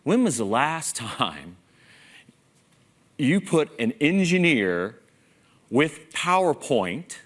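A man giving a conference keynote talk, self-mocking and lively, putting many questions to the audience. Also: fairly high pitch, slow pace, pauses often. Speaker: keynote speaker.

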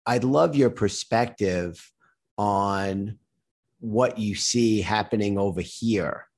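A male interviewer with a very deep voice. He speaks slowly and haltingly, searching for words as he frames a question. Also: a little mellow. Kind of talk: conversational interview.

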